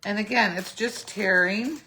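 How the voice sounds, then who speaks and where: A woman's voice: mid-range voice, measured pace, bright, forceful tone, slight background noise. Chatty woman demonstrating a craft. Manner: chatty, thinks aloud, self-correcting. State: clearing a phlegmy throat. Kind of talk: casual step-by-step craft tutorial.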